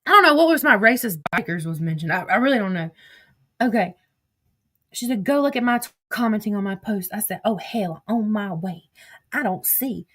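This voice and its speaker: Animated and fairly bright-toned, a Southern woman talks at a moderate pace and medium pitch on her livestream. She swears freely, shares casual stories and reads texts aloud.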